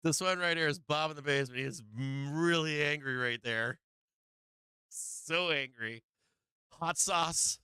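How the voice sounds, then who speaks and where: A man hosting a live stock market stream, chatting casually with profanity, frequent laughter and sudden animated bursts. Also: on the high side, a little slow, clear, resonant tone, no room sound. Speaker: stock market livestream host. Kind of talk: casual live trading commentary.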